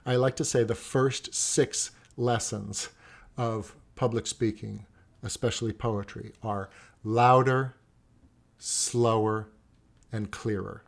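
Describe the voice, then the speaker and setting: Animated man telling teaching stories. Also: fairly low pitch, slow, vocal fry. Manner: animated, repeats words, frequent restarts. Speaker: poetry teacher. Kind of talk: storytelling in conversation.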